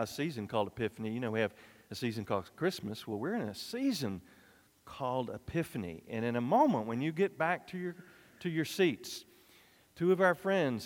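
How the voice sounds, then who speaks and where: A man who is an interim pastor, giving a playful children's sermon in a church and coaxing the kids with exaggerated enthusiasm. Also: fairly high pitch. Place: church sanctuary. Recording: long church reverb.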